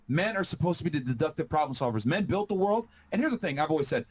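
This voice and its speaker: A man's voice: high voice, big pitch swings, fast. A man co-hosting a podcast, making blunt, assertive arguments. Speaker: podcast co-host. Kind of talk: podcast debate.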